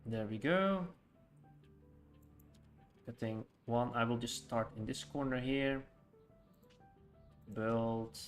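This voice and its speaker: A man streaming a city-building game in casual chat, rambling with lots of fillers and quick laughs. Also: medium pitch, soft background music. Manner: rambling, hesitant, full of fillers and frequent laughs. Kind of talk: casual live-stream chat while playing.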